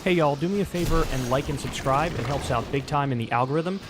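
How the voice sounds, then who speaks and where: A man with a high voice delivers an impassioned online political rant. He swears freely and hammers each point home. Loud music plays under him the whole time. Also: fast talker. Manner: impassioned, profane, emphatic. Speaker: political commentator.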